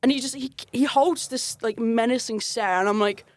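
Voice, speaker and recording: A woman whose voice sits on the high side chats casually at normal speed. Recounting something from work, she's animated, laughs a lot and performs the quoted voices.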